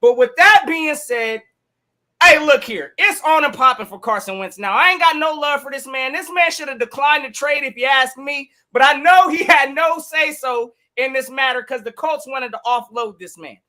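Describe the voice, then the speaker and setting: A man's voice: extremely high pitch, normal speed, sharp tone. A man from co-hosting a sports podcast, talking animatedly and trash-talking a rival team. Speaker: podcast co-host. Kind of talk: casual sports talk.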